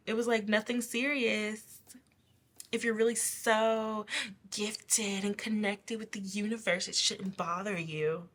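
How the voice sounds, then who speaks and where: A woman giving a casual tarot reading who talks in a rambling, chatty way, laughing often and filling pauses with "like". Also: medium pitch, steady tone, a bit bright. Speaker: tarot reader. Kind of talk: casual pick-a-card reading.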